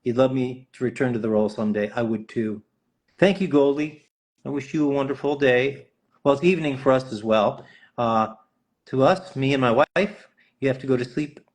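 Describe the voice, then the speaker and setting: A man's voice: mid-range voice, normal speed. A middle-aged man chatting casually and jokingly while signing autographs on a live stream. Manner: playful, jokey, chatty while writing.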